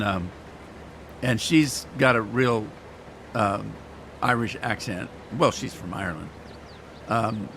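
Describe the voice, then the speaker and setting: A man chatting in a rambling, folksy way to live viewers while playing a farming game, his throat irritated so he keeps clearing it. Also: fairly low pitch, sharp tone, a little hiss or hum. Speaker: gaming streamer.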